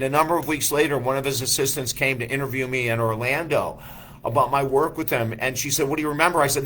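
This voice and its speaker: Upbeat life coach guy talking to you, asks lots of questions, bit of low rumble in the background. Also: fairly even intonation, fast, a bit bright. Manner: enthusiastic, rhetorical questions. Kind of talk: motivational talk to camera.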